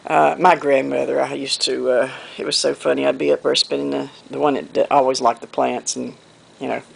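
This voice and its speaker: A woman's voice: very deep voice, vocal fry, husky. A woman from North Carolina with a Southern accent, chatting casually to her viewers while hand quilting. She rambles in a folksy way and often trails off before picking the thread back up. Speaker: quilting vlogger.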